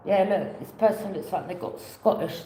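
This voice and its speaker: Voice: medium pitch, moderate pace, dark tone, echoey room, a little hiss or hum, rough recording. A tarot reader giving a casual reading, rambling, repeating phrases and offering loose alternatives.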